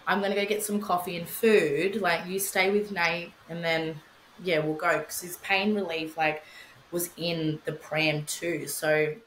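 A woman's voice: on the low side, steady tone, unhurried, fairly bright tone, roomy sound, a little hiss or hum, rough recording. A young woman telling her story in casual podcast chat, candid, swearing freely, with many fillers. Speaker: podcast guest, bereaved mother.

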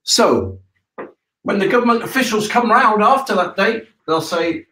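A man's voice: high voice, expressive, unhurried, sharp tone, reverberant, poor audio. A man hosting a casual live broadcast, explaining things step by step in a chatty way and checking in with listeners. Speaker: septic tank business owner hosting a live broadcast.

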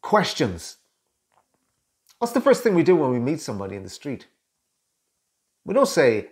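An Irish communication coach speaks directly to camera in a chatty way, giving coaching tips and acting out both sides of everyday small talk. His voice sits in the mid-range, with lively intonation and a moderate pace.

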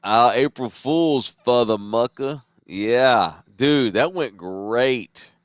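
A worn-out man with a Texan drawl talks in a loose, meandering way and swears now and then. His voice sits at an average pitch, and the recording is dry and close with no room sound. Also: takes it slowly, smooth, dry recording. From Central Texas. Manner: laid-back, rambling, profane. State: tired. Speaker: podcast co-host. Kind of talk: late-night casual chat.

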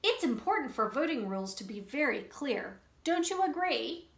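A woman's voice: high-pitched, very animated, normal speed, creaky, fairly bright tone, voice pushed up, full character voice. A woman voicing a bossy, scheming hen who talks tough and calls everyone kid. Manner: brusque, calls others kid. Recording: roomy echo.

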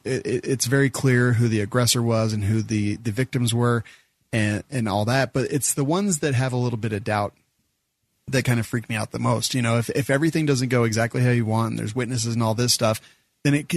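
A man's voice: mid-range voice, no room sound. A man hosting a podcast, chatty and joking at his own expense as he asks questions and tells stories. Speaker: podcast host. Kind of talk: casual podcast chat.

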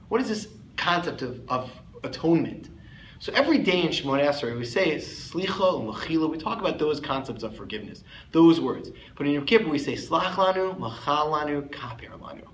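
A male rabbi preaches with a fairly high voice and tells a story with emphatic rises on the words that matter. The talk rings in an echoey room. Faint ambience sits underneath. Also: a bit bright, slight background noise. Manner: emphatic storyteller who lifts his voice on key words. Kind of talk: sermon.

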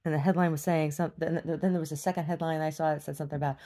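Low-voiced woman in her 40s or so ranting to her camera, tired, blunt, cusses a lot, dry laughs. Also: steady tone, very fast, few pauses, dark tone. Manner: weary, blunt and profane, with wry laughs. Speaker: video diarist. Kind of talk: candid video diary monologue.

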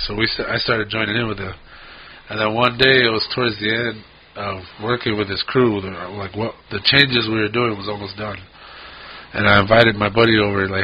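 A man's voice: lowish voice, steady tone, brisk. Cussing guy telling long stories on a podcast, muffled lo-fi sound, faint hiss. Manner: profane, rambling storyteller. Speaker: podcast co-host. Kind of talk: casual chat. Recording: dull lo-fi podcast audio.

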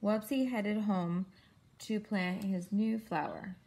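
A woman at home reading a picture book aloud to a child in a clear, patient storytelling manner. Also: medium pitch, fairly even intonation, slow, dark tone, poor audio.

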